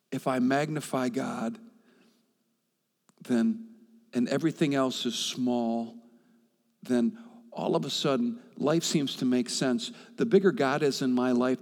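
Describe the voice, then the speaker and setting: A pastor preaches with passion, swinging between loud, high appeals and soft, quiet asides, and repeats himself to drive a point home. A long reverb tail trails his voice.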